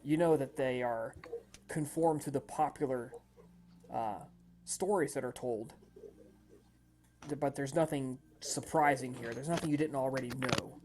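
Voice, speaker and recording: A man narrating as game master of a tabletop role-playing game, rambling with many pauses and restarts. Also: mid-range voice, background noise. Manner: rambling, lots of fillers and restarts.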